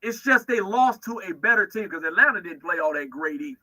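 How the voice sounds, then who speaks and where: A man's voice: high voice, expressive, fairly quick, sharp tone, poor audio. A man giving opinionated football analysis on sports talk radio, emphatic and often restarting his phrases.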